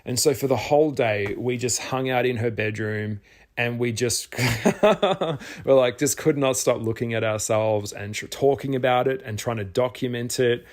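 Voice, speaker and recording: A middle-aged man, telling a personal story in a casual vlog, animated, with some swearing. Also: medium pitch, moderate pace. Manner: animated, swears, acts out his own past shouts. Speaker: spiritual vlogger.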